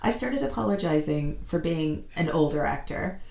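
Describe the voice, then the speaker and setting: A middle-aged woman with an American accent talks in a low, gravelly voice. She is chatty and self-deprecating, laughing often as a guest. Her voice rings in a roomy, echoing space. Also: animated, moderate pace, a little mellow. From United States. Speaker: guest actor. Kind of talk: casual interview chat. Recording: echoey room.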